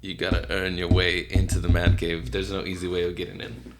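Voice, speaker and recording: A laid-back man with a lowish voice hosts a casual podcast talk from a room at home. He swears offhand and keeps things loose. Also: monotone, a little fast, very noisy. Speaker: podcast host. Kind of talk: casual chat.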